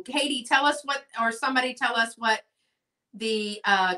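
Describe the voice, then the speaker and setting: A woman's voice: fairly high pitch, slow pace, bright, forceful tone, distant mic. A woman, hosting a live sale in a chatty, folksy way and talking to viewers in the chat. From Texas. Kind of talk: casual live-stream selling chat.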